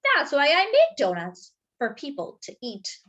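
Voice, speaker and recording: A woman voicing a male baker who talks in a calm, plain-spoken way. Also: high voice, measured pace, lo-fi sound, voice pushed up, exaggerated voice. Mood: matter-of-fact. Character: matter-of-fact male baker.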